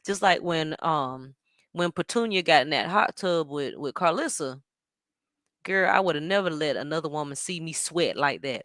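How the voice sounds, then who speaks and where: A woman hosting a show, talking in an animated, sassy way with plenty of slang while she reacts to a stream. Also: deep voice, normal speed, no echo, studio quality. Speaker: show host. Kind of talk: casual commentary reacting to a stream.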